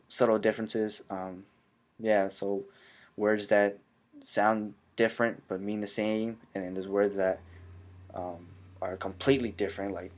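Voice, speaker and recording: A man whose first language is Hmong, explaining in a casual, halting way with frequent filler sounds. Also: lowish voice.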